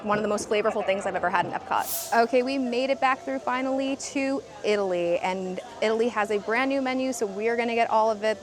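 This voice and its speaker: A woman vlogging candid food reviews outdoors at a festival, talking freely with lots of restarts. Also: on the high side. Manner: candid and chatty, with frequent restarts and fillers. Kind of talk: casual food review vlog.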